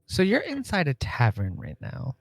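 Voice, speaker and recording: A man's voice: on the high side, huge pitch swings, normal speed, no echo. A man narrating as game master in a tabletop role-playing game, playful and laughing often.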